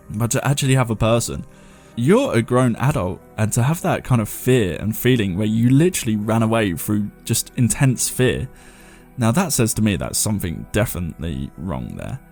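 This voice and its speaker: A man's voice: on the low side, a little mellow. A man hosting a paranormal podcast, chatting casually and reading listener stories aloud in a rambling, self-mocking way.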